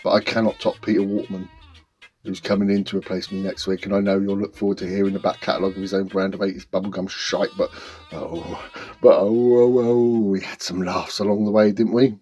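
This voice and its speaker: A man hosting a radio show, delivering a rambling, self-deprecating comic monologue in a deadpan way. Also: sits low, fast, dull audio, soft background music.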